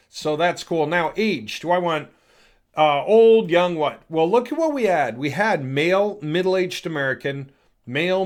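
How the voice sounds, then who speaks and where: Chatty man walking through a demo. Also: on the high side. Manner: rambling, thinking aloud. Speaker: software demo presenter. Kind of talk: casual screen-recorded product demo.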